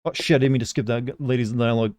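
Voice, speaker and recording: A man's voice: mid-range voice, fairly even intonation, rapid-fire, noisy background. A young man streaming a game, joking and sarcastic as he reads its dialogue aloud. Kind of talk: casual gameplay commentary.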